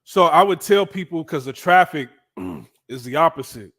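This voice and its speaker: A man from the United States casually telling a story in an animated, profane way, often checking in with the listener. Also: a little high, moderate pace. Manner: animated, profane, frequent "right?" asides. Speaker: vlogger.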